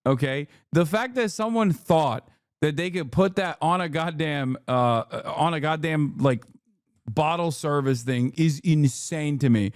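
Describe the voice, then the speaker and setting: Excitable profane man streaming commentary. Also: measured pace, no echo, clean studio sound. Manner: excitable, profane, swings into high incredulous outbursts. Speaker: streamer reacting to news. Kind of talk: casual livestream commentary.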